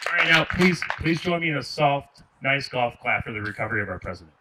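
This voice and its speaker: A man's voice: medium pitch, lively intonation, fast talker, hardly any pauses. A man from Michigan doing a stand-up comedy set on an outdoor park stage, talking sarcastically and ribbing the crowd. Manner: sarcastic, addresses the crowd directly. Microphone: handheld stage mic. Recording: distant mic with faint noise.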